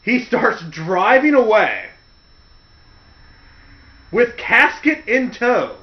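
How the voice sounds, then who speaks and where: A man's voice: extremely high pitch, drawn-out words. A man hosting a show, telling stories in a casual, comedic way, laughing often, in a lo-fi recording. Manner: animated, laughing, full of impressions. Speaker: host. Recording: dull lo-fi recording.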